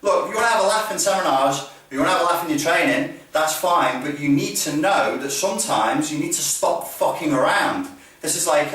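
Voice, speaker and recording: A man's voice: fairly high pitch, a bit bright. A middle-aged man, a martial arts instructor, teaching a demonstration lesson in a blunt and profane way. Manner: blunt and profane, swears freely. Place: training hall. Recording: very echoey hall, mic far off.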